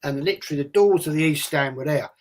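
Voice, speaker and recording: A man's voice: on the high side, quick pace. An older man from England with a London accent, hosting a casual chat and telling rambling childhood stories. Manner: rambling anecdotal storytelling with acted-out voices. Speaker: host.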